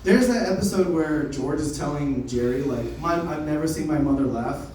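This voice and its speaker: A man's voice: on the high side, lively intonation, moderate pace, darkish tone, slight background noise. A young man doing a loose, unrehearsed stand-up set, telling stories with lots of swearing and laughs. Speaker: stand-up comic. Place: comedy open mic room. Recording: echoey room from far off.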